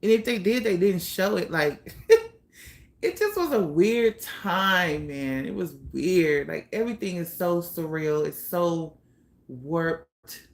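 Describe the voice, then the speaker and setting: A young woman telling her own life story in a candid, blunt way, pausing often with fillers. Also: on the low side, expressive. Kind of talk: personal storytelling monologue.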